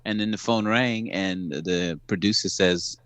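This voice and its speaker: Calm, laughing man telling stories. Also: low voice, unhurried, no room sound. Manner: calm, matter-of-fact storyteller who laughs often. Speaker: actor guest. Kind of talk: casual anecdote telling.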